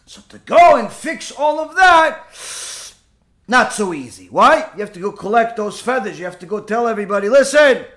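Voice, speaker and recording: A man preaching as a rabbi, telling a story and admonishing listeners in an animated way. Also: very high voice, normal speed. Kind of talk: sermon with storytelling.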